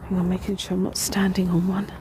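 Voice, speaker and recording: Walking through a graveyard with a handheld phone, a paranormal vlogger tells a ghost story in a casual, rambling way, filling pauses as she goes. Her voice is lowish and level, with faint outdoor noise behind it.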